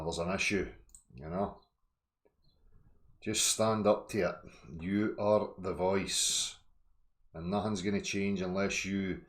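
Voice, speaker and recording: Low-voiced man rambling on a stream. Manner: rambling, earnest, informal. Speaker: live stream host. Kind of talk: casual live-stream chat.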